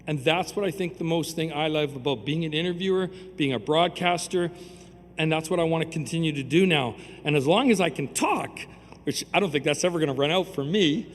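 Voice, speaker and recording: A man, giving a rambling, heartfelt acceptance speech at an awards ceremony. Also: a little high. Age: 60s. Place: large hall at an awards ceremony. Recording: reverberant hall with faint ambience.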